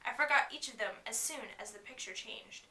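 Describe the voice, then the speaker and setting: Bright-voiced woman reading aloud with asides. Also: a little high, brisk. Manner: giggly, chatty asides. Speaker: reader. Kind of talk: casual read-aloud with commentary. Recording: echoey room from far off.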